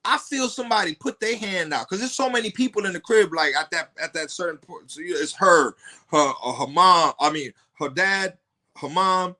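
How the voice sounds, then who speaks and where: A man, a podcast guest telling a story bluntly and profanely, his voice jumping high in outbursts. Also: moderate pace, bright, forceful tone.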